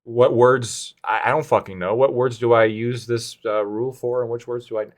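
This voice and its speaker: A man's voice: medium pitch, steady tone, normal speed. A man acting as lawyer in a mock trial, chatting casually on a live stream and rambling as he questions himself, sometimes swearing. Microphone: video call.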